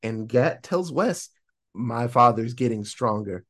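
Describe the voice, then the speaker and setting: A podcast host with a mid-range voice recaps a horror film slowly and casually, telling the story with animation and acting out the characters' lines.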